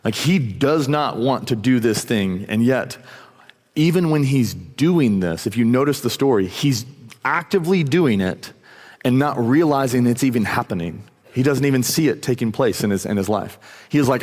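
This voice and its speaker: A pastor preaching a sermon in a casual, animated storytelling way, acting out quotes. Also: male voice, medium pitch, a little fast, long reverb tail. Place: church auditorium.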